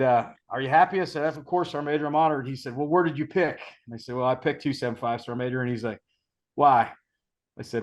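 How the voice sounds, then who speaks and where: Middle-aged man, casual podcast storyteller, relaxed, mimics quoted voices. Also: medium pitch. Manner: relaxed storytelling, acts out quoted sergeants, laughs. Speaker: podcast guest, retired Ranger sergeant major.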